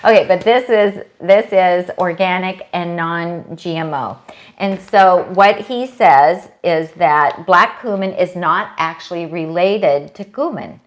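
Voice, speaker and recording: A woman's voice: fairly low pitch, slow pace. A middle-aged woman co-hosting a casual live chat, chatty and reading aloud from a book with small stumbles. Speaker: co-host.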